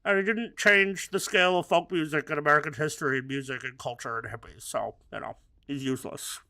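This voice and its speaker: A man doing a high dismissive mother. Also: a little fast, creaky, pushed and bright, dry recording. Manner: dismissive, rambling. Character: proud fussy mother of a grown son.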